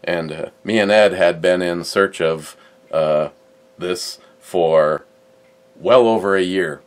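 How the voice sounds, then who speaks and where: A man's voice: deep voice, takes it slowly. A middle-aged man hosting a gun channel, chatting casually and rambling with many fillers and restarts. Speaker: host of a gun review channel. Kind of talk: casual chat about his collection.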